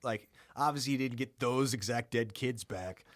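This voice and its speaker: A man co-hosting a podcast, retelling a story in a casual, animated way with acted-out voices and plenty of swearing. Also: medium pitch, normal speed. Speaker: podcast co-host.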